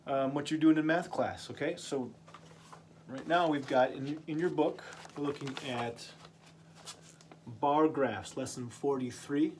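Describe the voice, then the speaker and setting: A man teaching a vocabulary lesson to English learners, speaking slowly and patiently and repeating each word. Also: on the high side, a little hiss or hum.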